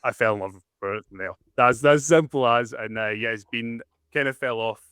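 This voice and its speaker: A man's voice: mid-range voice, fairly quick, a bit bright, clean tone, no room sound, clean studio sound. A man in his twenties, a podcast guest who talks modestly with hesitant fillers. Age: 20s. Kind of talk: casual chat.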